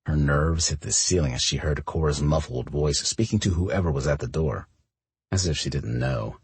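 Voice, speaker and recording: A man narrating a romance audiobook with an expressive reading. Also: a bass voice, normal speed, slightly rough, no echo.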